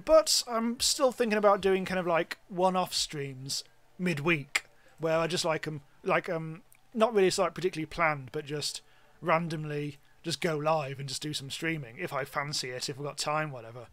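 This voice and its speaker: A man's voice: on the high side, normal speed, a bit bright. Chatty British man streaming a game. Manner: rambling, chatty, swears casually. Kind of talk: casual live-stream commentary.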